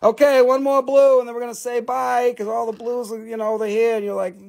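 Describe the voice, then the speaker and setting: A man's voice: extremely high pitch, flat delivery, brisk, gravelly, few pauses, darkish tone. A man selling minerals on a live stream, rambling, profane and self-mocking. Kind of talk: joking live sales banter.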